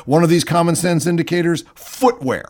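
A man's voice: on the high side, fairly quick. A man hosting a talk show, reading political news aloud and mocking it with sarcasm. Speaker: radio talk show host.

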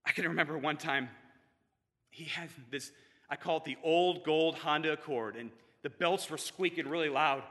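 Brief: lively male storyteller who acts out his characters, bright and punchy, slightly high-pitched, heard in a big reverberant hall. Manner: animated, self-mocking, acts out the people in his stories. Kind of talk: personal storytelling to a live audience.

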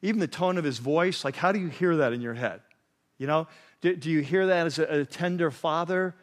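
A man preaching a sermon in a conversational way, often saying "catch this" and dropping low and quiet on key phrases. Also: a little fast. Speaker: pastor.

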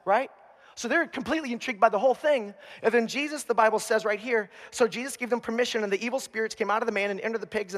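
A man preaching a sermon as pastor, telling the story with humor and animated asides. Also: sits high, long reverb tail. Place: church.

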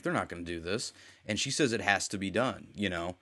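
A man's voice: sits low, animated, brisk, sharp tone. A man co-hosting a casual chat, rambling as he retells scenes and quotes the characters. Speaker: podcast co-host.

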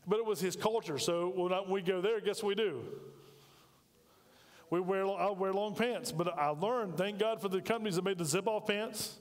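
A man's voice: high-pitched, fairly quick. A man preaching a sermon in a chatty way, full of asides and rhetorical questions. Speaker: pastor. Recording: reverberant hall.

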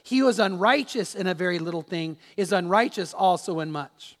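A man's voice: sits high, lively intonation, moderate pace, big-room sound. A man preaching a sermon as pastor, telling a personal story with restarts and repeated words.

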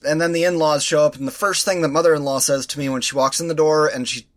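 Ranting sarcastic man, slightly high voice. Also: quick pace. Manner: ranting, sarcastic, animated quoting of others. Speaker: podcast co-host. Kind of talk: casual chat.

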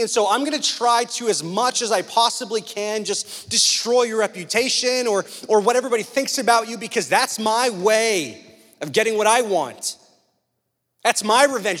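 A man's voice: sits high, a bit bright. A man preaching a sermon in a conversational way, asking rhetorical questions and telling humorous stories. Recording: long hall reverb.

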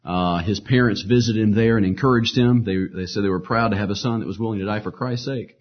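Husky man dramatically retelling martyr stories. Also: on the low side, fairly quick, dull audio. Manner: reads quotes with rising force, adds casual asides. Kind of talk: dramatic storytelling reading with asides.

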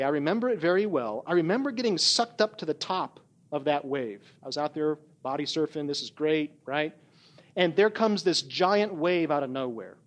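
A man preaching a sermon as pastor, telling a story with animated emphasis and frequent "right?" asides. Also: a little high. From not from California.

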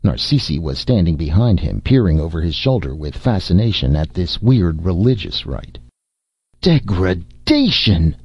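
A man narrating a novel as an audiobook reader, with an expressive, varied delivery. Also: low voice, normal speed, few pauses, breathy edge, no echo. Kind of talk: scripted narration. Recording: dull, dry lo-fi recording.

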